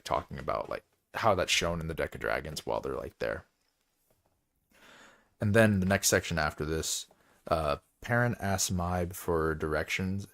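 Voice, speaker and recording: A man's voice: sits low, fairly bright tone. A man hosting a book club, recapping chapters in a loose, rambling way, with lots of filler words and frequent laughs.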